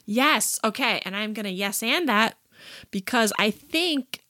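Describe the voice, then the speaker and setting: A woman in her thirties co-hosting a casual podcast, animated and teasing with a theatrical edge. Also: on the high side, unhurried, no echo, clean studio sound. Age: 30s. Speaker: podcast co-host. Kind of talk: casual chat.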